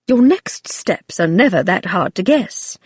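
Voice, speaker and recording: Woman doing a gruff old family servant. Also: medium pitch, animated, a little slow, dry recording. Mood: firm. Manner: gruff, clipped, dry. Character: gruff older male family servant, stern but fond.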